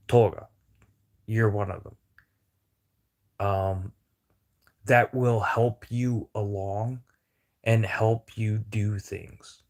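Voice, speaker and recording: A man talks with his viewers into a phone in a loose, rambling way, swearing freely and speaking bluntly. His voice sits a little low. He takes his time, drawling slowly through each thought. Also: gravelly, darkish tone. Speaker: livestreamer chatting with viewers. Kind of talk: casual rambling chat.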